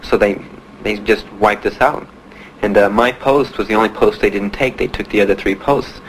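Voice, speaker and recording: A young man, a veteran, telling his own story in plain, halting speech with many pauses. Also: lowish voice, slight background noise, poor audio. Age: young adult. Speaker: Vietnam veteran giving testimony. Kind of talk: personal testimony.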